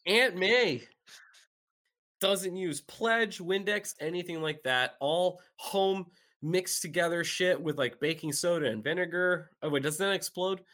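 A man's voice: high voice, measured pace, sharp tone. A man co-hosting a podcast in casual chat, joking crudely and swearing freely. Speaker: podcast co-host.

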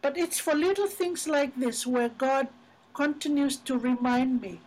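Chatty middle-aged woman, podcast guest, high-ish voice, casual faith talk. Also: measured pace, a little mellow, poor audio. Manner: chatty storyteller, many "you know" fillers.

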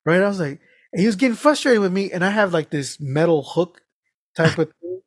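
A man on a casual podcast, telling animated stories with lots of swearing and laughter. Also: high-pitched, quick pace, no echo, clean studio sound. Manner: animated storytelling, heavy swearing, frequent laughs. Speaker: podcast co-host.

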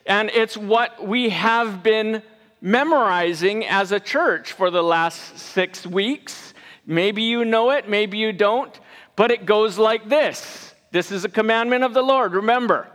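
A man's voice: high-pitched, slow pace, fairly bright tone. A man preaching a casual sermon as a pastor, conversational and repeating his words as he leads the church. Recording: reverberant hall.

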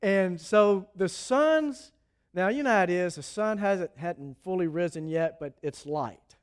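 High-voiced preacher telling a story. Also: male voice, a little slow, smooth. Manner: animated, chatty, chuckling asides. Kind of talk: conversational storytelling sermon.

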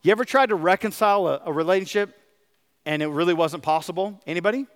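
Man, pastor, sermon, higher-pitched voice, long hall reverb, middle-aged. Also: fast. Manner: preaching with questions to the congregation.

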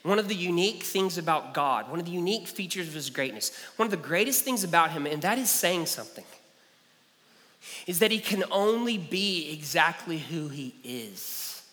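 A man preaching in a church sanctuary, his voice bright and forceful with a long hall reverb behind it. He speaks in a slightly raised register, earnest and personal, circling back to repeat his key phrases. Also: a little high, expressive, moderate pace. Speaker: pastor. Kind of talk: sermon.

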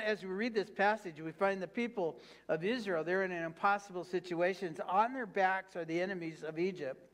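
High-voiced man preaching a sermon. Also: a bit bright. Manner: preaching with call-and-response prompts to the congregation; reads scripture aloud, then applies it with fervent repetition. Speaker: pastor.

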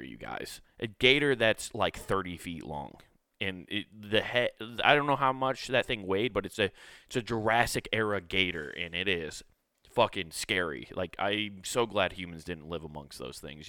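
A man's voice: sits low, sharp tone, no room sound, studio quality. A man telling a crude, laid-back comic story in casual podcast talk.

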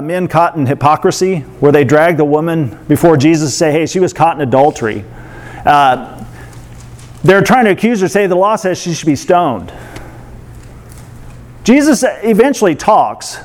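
A man with a somewhat high voice preaching to his congregation. He talks in a loose, conversational way, breaking into laughs and little acted-out asides. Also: darkish tone. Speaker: pastor. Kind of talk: sermon.

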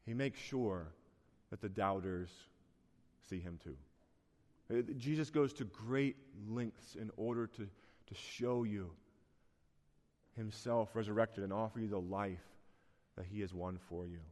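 Man preaching with earnest, rising emphasis. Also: on the low side. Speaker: pastor. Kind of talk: sermon. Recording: long hall reverb.

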